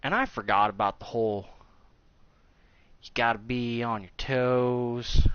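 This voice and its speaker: Slow-talking man telling a crude story. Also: medium pitch, clear, resonant tone, no room sound. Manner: slow, animated, crude and joking. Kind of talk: casual storytelling. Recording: slightly dull recording.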